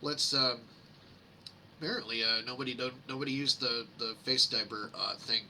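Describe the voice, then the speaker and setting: A man's voice: medium pitch, normal speed, sharp tone, a little hiss or hum. A man reading complaints aloud on a live screen-share and mocking them with sarcastic asides, rambling with many fillers. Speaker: host reading public complaints. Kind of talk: casual screen-share commentary.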